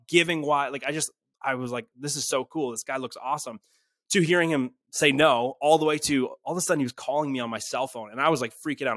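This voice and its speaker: A man in his twenties, from a small town in Canada, talking as a podcast guest. He tells his story in a lively, casual way and acts out the dialogue he quotes. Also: mid-range voice, dry recording. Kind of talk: animated storytelling in conversation.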